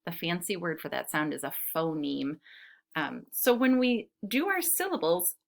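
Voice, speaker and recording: A woman teaching a preschool class, her voice rising and falling in a lively, animated way. She speaks with patient encouragement, slowing down to sound out and clap syllables for little listeners. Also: fairly low pitch, creaky. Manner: claps and counts syllables aloud slowly. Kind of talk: reading a picture book to young children.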